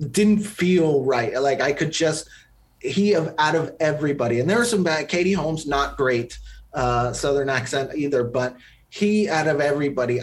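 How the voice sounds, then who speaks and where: A man co-hosting a casual film review chat, giving blunt, critical opinions in quick bursts. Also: mid-range voice. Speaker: podcast co-host.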